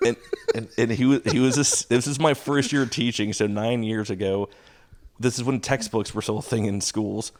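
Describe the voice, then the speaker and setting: A man in his thirties, a stand-up comic and drama teacher, telling stories casually and acting out quotes in a higher pitch. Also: moderate pace. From Houston, Texas. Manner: animated storytelling, acting out quotes with a jump in pitch. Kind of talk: casual storytelling.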